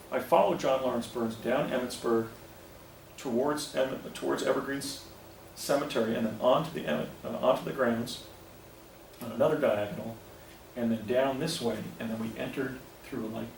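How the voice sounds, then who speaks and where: A man's voice: mid-range voice, vocal fry. Man lecturing from afar in an echoey hall. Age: 50s. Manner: rambling, with restarts and digressions. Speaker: presenter. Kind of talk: lecture presentation. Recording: echoey room, distant mic, faint noise.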